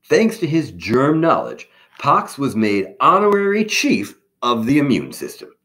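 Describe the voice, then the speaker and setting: Slow, expressive man reading a storybook. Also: mid-range voice. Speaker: storybook reader. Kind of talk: children's picture book read-aloud.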